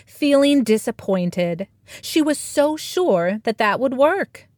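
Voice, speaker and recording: A woman narrating a children's story she wrote, slow and expressive, recorded close and dry. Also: mid-range voice, no room sound. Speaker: storyteller and author.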